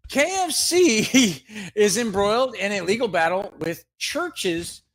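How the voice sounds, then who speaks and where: A man co-hosts a spoof newscast in a high, bright voice. He rambles from one gag to the next and laughs at his own jokes as he goes. The delivery is loose, live banter. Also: lively intonation, slow. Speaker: co-host of a comedy news segment.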